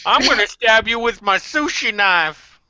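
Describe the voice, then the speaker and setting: A man's voice: high-pitched, expressive, unhurried, bright, forceful tone, clear, resonant tone. A man chatting and teasing his friends on a video call, joking as a co-host. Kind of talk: casual chat. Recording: dull lo-fi sound.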